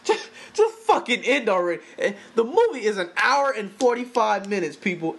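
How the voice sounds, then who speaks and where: A man's voice: high-pitched, a bit bright. A man giving a casual, profane, exasperated film review, talking animatedly and swearing freely.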